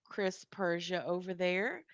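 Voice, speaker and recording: A woman co-hosting a casual live stream from home, speaking slowly with frequent giggles and agreeing murmurs. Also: on the low side, no echo. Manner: slow-spoken, giggly, lots of agreeing murmurs.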